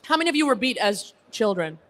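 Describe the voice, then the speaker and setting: A woman's voice: on the high side, sing-song, fast, fairly bright tone, a little hiss or hum. A woman from Egypt, raised in Alabama, with an American accent like someone from Connecticut, doing a stand-up comedy set at a gala and teasing the crowd. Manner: chatty, teasing the crowd, self-deprecating. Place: banquet hall with a live audience.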